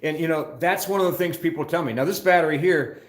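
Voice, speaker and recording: A man's voice: on the high side, quick pace, roomy sound. Rambling older man on a live stream. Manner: rambling, scattered, reads chat aloud. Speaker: motorcycle channel host. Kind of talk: casual live-stream chat. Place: motorcycle shop. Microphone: phone.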